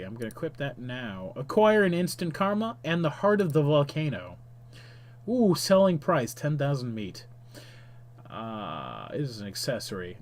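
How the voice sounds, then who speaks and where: Man reading game text with frequent slips. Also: fairly high pitch. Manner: stumbling, self-correcting reading. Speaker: game streamer. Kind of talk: reading game text aloud with casual asides.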